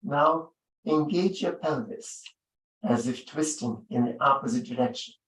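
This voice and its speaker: A man guides a yoga session in an unhurried, soothing way, leaving long gaps between his short cues. His voice sits in a middle pitch and sounds set back from the microphone, in a roomy space with a clear echo. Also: recorded from a distance. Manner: gentle, unhurried spoken cues with long pauses. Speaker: yoga instructor.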